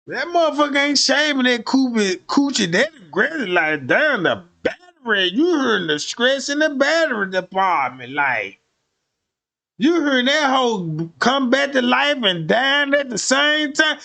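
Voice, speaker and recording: A man's voice: very high-pitched, very animated, normal speed, vocal fry, pushed and bright. A man streaming, telling a crude comic story in a profane, rambling way and often checking that listeners follow.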